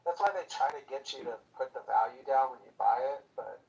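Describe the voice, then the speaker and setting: A man's voice: medium pitch, fast talker, gravelly, darkish tone, dull audio. A middle-aged man in casual chat who keeps cutting in and swears casually while telling his own story. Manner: chatty, interjecting, swears casually. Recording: distant mic with faint noise.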